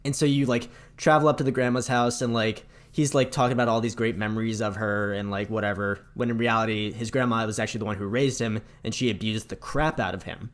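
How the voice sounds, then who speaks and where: Animated man retelling game scenes. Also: fairly low pitch, fast, hardly any pauses. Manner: animated retelling, acts out villain lines with mocking voices. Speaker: podcast co-host. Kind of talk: casual chat about video games.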